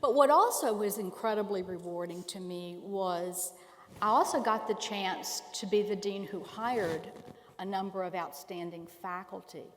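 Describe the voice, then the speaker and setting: A woman's voice: medium pitch, normal speed, slight background noise. An older woman, a retired law school dean, speaking earnestly and reflectively on a conference panel. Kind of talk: panel discussion on stage. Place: large conference hall. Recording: long hall reverb.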